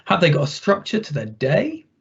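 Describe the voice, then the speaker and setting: A man's voice: a little high, huge pitch swings, moderate pace, breathy edge. A man presenting a workplace training webinar in a conversational way, with restarts and rhetorical questions. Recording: dull, muffled webinar audio.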